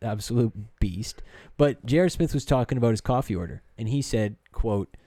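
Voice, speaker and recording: A man co-hosting a sports podcast who tells stories in an animated way and quotes people with relish. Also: medium pitch, moderate pace, dry recording, studio quality. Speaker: podcast co-host. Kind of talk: casual sports chat.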